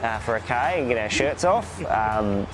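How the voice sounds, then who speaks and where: A man's voice: fairly low pitch, very animated, normal speed. Australian man, self-mocking runner. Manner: self-deprecating, filler-heavy with ums and you knows. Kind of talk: casual recollection to camera.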